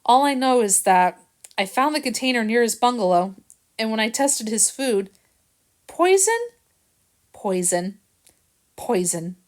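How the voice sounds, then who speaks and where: A woman's voice: a little high, animated, unhurried, pauses often. A woman reading aloud and voicing Harrison, a kennel owner who soothes but dodges questions. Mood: soothing. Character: nervous, evasive man who runs a kennel. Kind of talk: audiobook reading.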